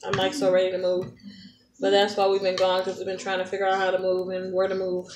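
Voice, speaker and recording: A woman chats casually over a meal as host, her talk loose and laid-back with slang. She sounds set back from the mic in an echoey room, with clear noise behind her. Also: medium pitch, completely flat delivery, quick pace, far from the mic. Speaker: mukbang host. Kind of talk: casual chat while eating.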